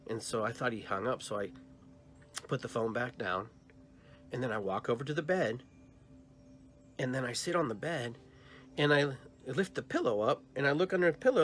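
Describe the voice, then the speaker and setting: Soft-spoken man in his fifties, rambling. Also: medium pitch. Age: 50s. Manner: rambling, heartfelt, soft-spoken retelling of a dream. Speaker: podcast host. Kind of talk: personal storytelling monologue.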